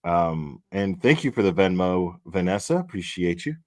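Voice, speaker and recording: Male stream host, lowish voice, loose, swears a lot, reads chat. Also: big pitch swings, normal speed, a little mellow. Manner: chatty, profane, thanks donors by name. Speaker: livestream host. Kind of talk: casual livestream commentary.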